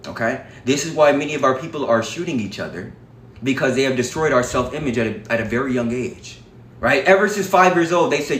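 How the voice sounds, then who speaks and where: A man's voice: mid-range voice, expressive, brisk, fairly bright tone, echoey room, a little hiss or hum. A man giving an impassioned livestream lecture, talking to his viewers in an emphatic, profane and repetitive way. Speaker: livestream speaker on history.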